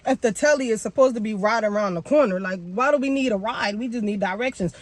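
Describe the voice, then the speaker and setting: A young woman vlogger telling a story casually, animated and slangy, with big jumps in pitch. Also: fast talker, no room sound.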